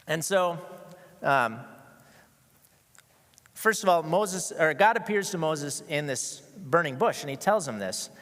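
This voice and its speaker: A man's voice: on the high side, lively intonation, measured pace, pauses often, fairly bright tone. A man preaching a casual, conversational sermon to a church congregation, joking and often restarting his sentences. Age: adult with school-age kids. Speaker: guest preacher. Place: church sanctuary with a masked congregation. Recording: long reverb of a large hall.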